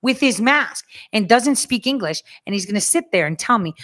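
A woman's voice: fairly high pitch, lively intonation, normal speed, fairly bright tone. A woman telling a story in a casual, sarcastic rant, swearing freely and acting out what others said.

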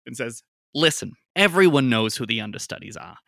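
A man's voice: medium pitch, expressive, brisk, gravelly, bright, forceful tone, no echo, clean studio sound. A man narrating as game master in a tabletop game, loose and playful. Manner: loose and playful, with many ums and laughs.

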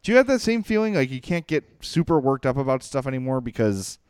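A middle-aged man, co-hosting a casual sports podcast, gushing and excitable, also reading sponsor spots. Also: mid-range voice, fast, clear, resonant tone, dry recording, clean studio sound. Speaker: podcast co-host.

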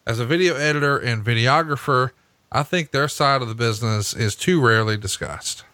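Male podcast host, bright and forceful tone, dry studio sound, reads mail and plugs. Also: mid-range voice, dry recording. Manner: reads listener mail and plugs, reacts with quick questions. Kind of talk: casual podcast chat.

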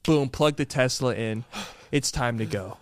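A man's voice: medium pitch, unhurried, no room sound, studio quality. A young man co-hosting a podcast, retelling a bad day with exasperated, dramatic storytelling. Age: young adult. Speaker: podcast co-host. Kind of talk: animated storytelling.

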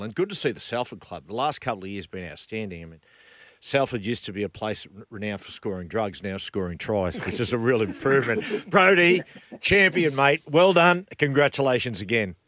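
A man's voice: lowish voice, a little fast, fairly bright tone, dry recording, studio quality. A man hosting a breakfast radio show, chatting in a blokey, joking way. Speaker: radio host.

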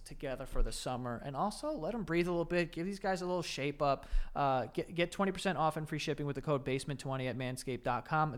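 Brief: male podcast co-host, casual and jokey, clean resonant voice, slightly higher pitch. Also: fairly bright tone, clean tone. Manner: jokey, laughing through ad copy. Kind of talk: casual chat with ad reads.

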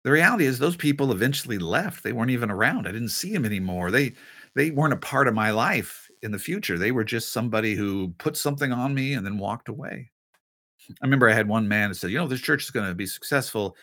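A middle-aged male pastor gives an earnest teaching talk on ministry. His voice sits at a medium pitch, and he speaks with emphasis, circling back to repeat his main points. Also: animated, fast talker, sharp tone.

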